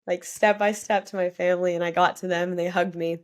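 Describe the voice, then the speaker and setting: A woman's voice: fairly low pitch, little pitch movement, normal speed, a little mellow. A young woman, a guest on a podcast, telling a personal story candidly and with feeling, often saying "like". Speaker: guest athlete.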